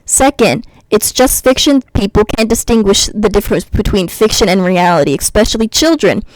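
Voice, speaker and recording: A woman's voice: mid-range voice, lively intonation, normal speed, a little mellow, dry recording, rough recording. Blunt, sarcastic woman ranting. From United States. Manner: blunt and sarcastic, mocks commenters in sing-song voices. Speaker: vlogger. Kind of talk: ranting commentary.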